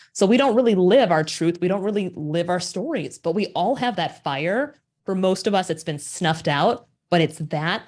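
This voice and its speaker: A woman in her forties from Minnesota, telling her story as a podcast guest with lively rhetorical questions. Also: fairly low pitch. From Minnesota, USA. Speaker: podcast guest, agency founder. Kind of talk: casual interview storytelling.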